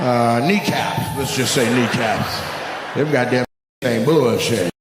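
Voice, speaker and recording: A man doing crowd work stand-up, teasing audience members with loud, profane banter. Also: mid-range voice, slow pace. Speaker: stand-up comedian. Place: comedy club stage before a live audience. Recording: roomy club with long reverb and audience noise. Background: audience laughter and clapping.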